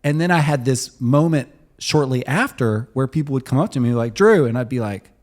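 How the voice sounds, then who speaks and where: A man appearing as a guest on a podcast, telling stories in casual chat with dry, teasing, deadpan asides. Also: mid-range voice, a little fast.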